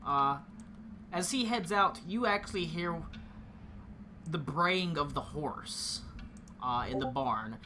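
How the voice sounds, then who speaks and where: A man narrating as game master, halting and full of fillers and restarts. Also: on the high side, lively intonation, sharp tone, a little hiss or hum.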